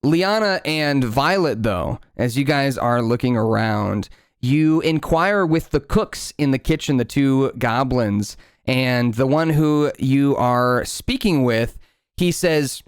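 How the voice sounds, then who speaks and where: A man narrating a tabletop game as game master, patiently explaining rolls. His voice is smooth and clear at a medium pitch. The recording is close and dry. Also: animated, slow, no echo. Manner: explaining rules patiently, with filler words.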